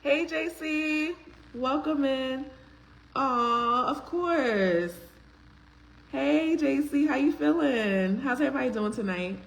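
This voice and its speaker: A woman's voice: high voice, slow, vocal fry, low-quality recording. A woman, hosting a live faith-based talk stream, greeting viewers by name in a chatty way with frequent ums. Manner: uses casual slang, filler ums. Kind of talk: casual live-stream chat.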